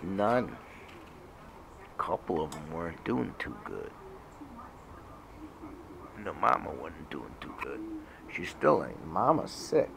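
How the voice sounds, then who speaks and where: A man talking to his cat on camera in a casual home video, switching between high baby talk to the cat and lower plain explanation. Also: sing-song, slow, gravelly, long pauses, background noise. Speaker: cat owner vlogger.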